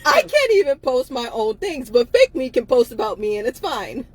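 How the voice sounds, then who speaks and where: A woman's voice: high-pitched, sing-song, moderate pace, husky. A tired woman co-hosting a live chat, emphatic and repetitive, laughing often and swearing freely. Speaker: co-host of a live chat show. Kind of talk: casual live-stream chat.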